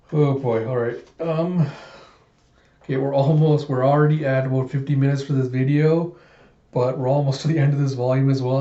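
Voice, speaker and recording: A man's voice: medium pitch, dark tone. A man casually recapping a comic story with enthusiastic, rambling narration, in a roomy, dull-sounding recording. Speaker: comic readthrough host.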